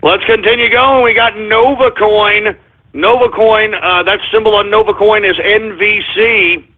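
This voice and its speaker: A male talk radio host delivering an excitable, flustered monologue, often stumbling and apologizing. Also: high-pitched, unhurried. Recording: phone-like lo-fi radio sound.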